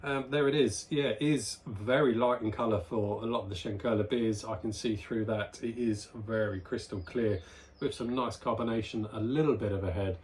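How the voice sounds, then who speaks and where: A man's voice: lowish voice, steady tone, normal speed, darkish tone, a little hiss or hum. Enthusiastic chatty man reviewing beer. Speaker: beer reviewer, channel host. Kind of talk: casual beer review vlog. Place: at home, near a barbecue area.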